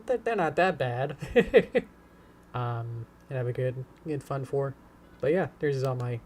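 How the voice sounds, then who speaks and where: Uomo streamer che chiacchiera mentre anima: parlato esitante, pieno di intercalari, canticchia piano; leggero rumore di fondo e tastiera. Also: male voice, mid-range voice, a little hiss or hum. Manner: rambling, hesitant, many fillers and soft humming. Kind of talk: casual live-stream chat.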